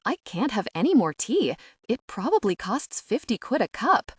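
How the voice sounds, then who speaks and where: A woman's voice: on the high side, very animated, breathy edge, no echo, studio quality, pitched above the performer's own voice. A British woman voicing a panicky, incredulous young woman of twenty-eight who has lost her memory. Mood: flustered. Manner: panicky, incredulous, quick bursts.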